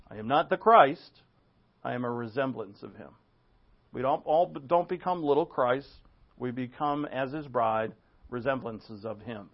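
Man preaching a lo-fi sermon. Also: mid-range voice. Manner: expository preaching with asides and rhetorical questions. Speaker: pastor. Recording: dull lo-fi sound.

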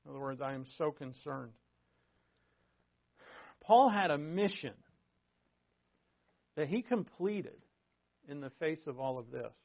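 A man's voice: on the high side, expressive, slow, creaky, pauses often. Man preaching through a dull lo-fi recording. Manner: reads scripture aloud, then explains it conversationally with asides. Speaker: pastor. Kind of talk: verse-by-verse sermon.

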